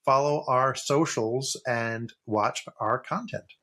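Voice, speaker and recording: A man's voice: mid-range voice, slow, a bit bright. Rambling, joking male podcast co-host. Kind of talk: casual chat.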